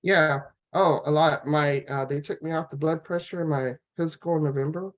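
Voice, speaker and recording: A woman on a laptop video call, telling her personal health story in a rambling, halting way, full of fillers and restarts. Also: sits low, fairly even intonation. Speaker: guest sharing a health testimonial. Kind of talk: casual personal testimony.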